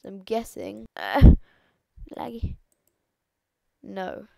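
A woman's voice: medium pitch, sing-song, extremely slow, creaky, dark tone, no echo, studio quality. A woman giving rambling, sweary let's play commentary. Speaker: gamer.

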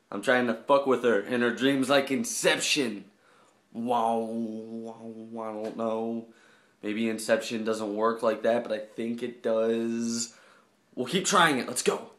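A man's voice: medium pitch, fairly even intonation, takes it slowly, fairly bright tone, echoey room. A young man vlogging casually, goofy and swearing as he pranks his sleeping sister. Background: sister sleeping nearby.

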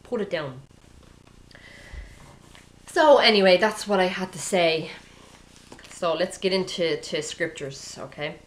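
A woman's voice: fairly low pitch, measured pace, roomy sound. A woman giving an informal, earnest sermon to camera as a Christian video preacher, speaking directly and often checking in with "okay?".

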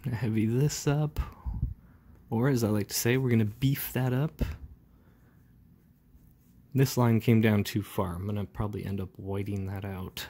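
Here a man who inks comics chats his way through a step-by-step inking demo, filling gaps with lots of fillers. He speaks at a moderate pace with long pauses, his pitch fairly low, tone dark and intonation fairly even. The feel is a laid-back ink-along tutorial, narrated while he works.

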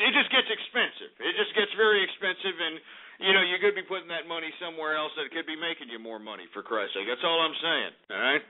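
Brief: abrasive, foul-mouthed man hosting talk radio, high-ish voice, phone-quality audio. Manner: abrasive, profane, sarcastic. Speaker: radio show host. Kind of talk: ranting talk radio commentary.

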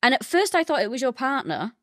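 A woman's voice: high-pitched, fairly quick, no room sound, clean studio sound. A woman co-hosting a comedy podcast, joking, swearing and laughing while reading a listener letter. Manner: animated, jokey, swears, laughs. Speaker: podcast co-host. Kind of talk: casual comedic chat.

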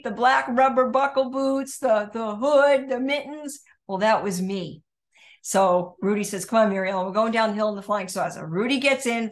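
An older woman co-hosting a podcast, telling a childhood story in a lively, laughing way. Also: a little high. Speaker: podcast co-host. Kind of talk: storytelling chat.

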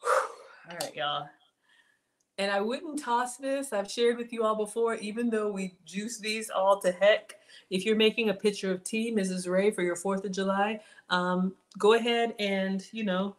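A woman's voice: medium pitch, a little slow. A woman chatting through a live cooking stream from her home kitchen, reading viewers' comments aloud and talking to them by name. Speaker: cooking channel host.

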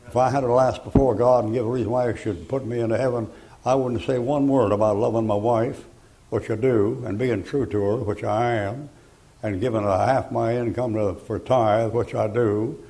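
A man's voice: mid-range voice, fairly even intonation, moderate pace, dark tone, low-quality recording. An older man preaching a fiery sermon in a folksy, blunt, emphatic way. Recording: archival sermon recording.

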